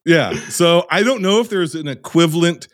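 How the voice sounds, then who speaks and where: A man's voice: on the high side, animated, normal speed. An American man hosting a podcast, chatting casually and teasing his guest with a jokey, giggly manner. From United States. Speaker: podcast host.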